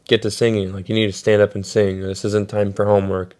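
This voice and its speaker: A snippy middle-aged music teacher scolds and fumes indignantly, as a young man quotes her while telling a story. The voice stays low and mellow, close to his ordinary speaking voice. It comes across as an offhand impression within a storytime retelling. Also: level tone, a little fast, smooth, close to an everyday voice. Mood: scolding.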